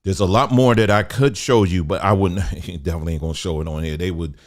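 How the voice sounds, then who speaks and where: Low-voiced man reading with heated asides. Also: fast talker. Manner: conversational, stops to add remarks, gets heated. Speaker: commentary host. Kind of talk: reading an article aloud with commentary.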